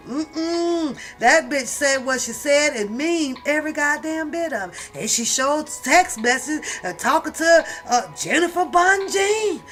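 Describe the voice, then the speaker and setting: High-voiced woman ranting profanely. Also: lively intonation, moderate pace, few pauses, faint music behind. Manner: loud, profane, laughing rants. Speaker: reaction channel host. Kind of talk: casual reaction commentary on a book.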